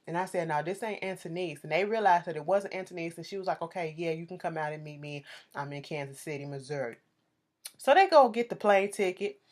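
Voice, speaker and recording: A woman giving a casual, profane TV recap, sassy and animated, talking straight to her viewers. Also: fairly low pitch, fairly quick. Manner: sassy, animated, swears freely, addresses viewers directly. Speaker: TV show recapper.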